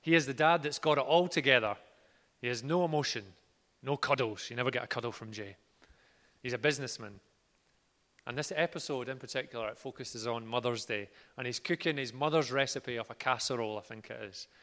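Preacher in a reverberant hall. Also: male voice, medium pitch, a little fast. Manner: earnest, builds from quiet to loud. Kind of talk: sermon.

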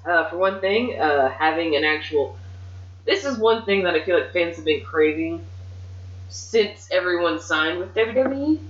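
A woman hosting a podcast, talking casually and excitedly about booking wrestling matches, swearing freely. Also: lowish voice, moderate pace. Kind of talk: casual chat. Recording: muffled, echoey room.

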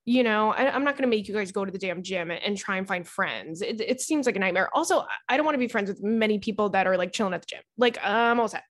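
A woman's voice: mid-range voice, fast talker, hardly any pauses. A woman comedian hosting a casual chat show, talking in a rambling, chatty way full of "like" and casual swearing. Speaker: podcast host and comedian. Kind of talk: casual chat and reading listener letters.

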